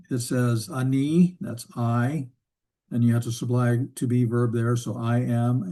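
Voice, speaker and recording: A man teaching a church Bible Hebrew class in a relaxed lecture style, thinking aloud with fillers and asking himself rhetorical questions. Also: mid-range voice.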